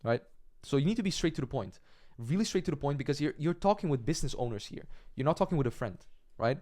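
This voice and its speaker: A man's voice: fairly high pitch, animated, quick pace, a little mellow. A young adult man teaching cold-calling as a sales coach, direct in manner, often checking in with "right?" and acting out sample calls. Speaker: agency coach. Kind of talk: sales training lesson.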